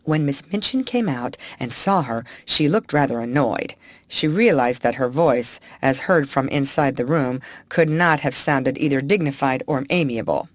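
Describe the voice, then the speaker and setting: A woman narrating a classic children's storybook in an expressive, animated reading. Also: very deep voice, moderate pace, no echo. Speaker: audiobook narrator.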